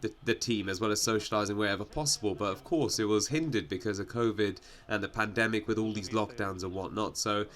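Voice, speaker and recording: A man's voice: on the low side, fast talker, few pauses, fairly bright tone. A young man hosting his gaming channel, talking casually and rambling with lots of fillers like "like" and "you know". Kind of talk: casual video game commentary.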